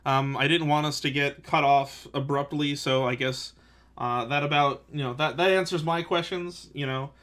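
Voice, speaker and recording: A man's voice: on the high side, fairly even intonation, normal speed, a bit bright. A young man hosting a fan interview, eager and gushing, laughing often. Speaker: podcast host, interviewer. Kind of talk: casual interview chat.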